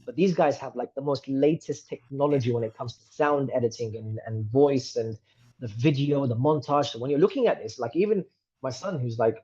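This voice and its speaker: A British man in his thirties talks as a podcast guest in a husky, slightly rough voice. He rambles candidly from one tangent to the next and pokes fun at himself as he goes. The audio sounds somewhat muffled and lo-fi. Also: medium pitch, fairly quick, mellow. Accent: British English. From United Kingdom. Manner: chatty, wandering, candid and self-deprecating. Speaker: guest, reciter. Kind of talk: casual interview conversation. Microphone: podcast microphone.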